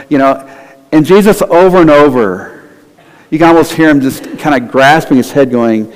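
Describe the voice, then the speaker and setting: A man's voice: on the high side, normal speed. A male pastor giving a conversational sermon in a church, sometimes acting out quoted voices. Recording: long hall reverb.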